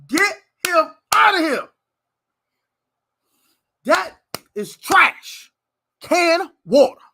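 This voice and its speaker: An American man hosting a fan live stream, ranting loudly about his team's players and shouting at times. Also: very high voice, extremely slow, long pauses. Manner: loud, animated ranting, shouting and laughing. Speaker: sports fan show host. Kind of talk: heated live-stream rant.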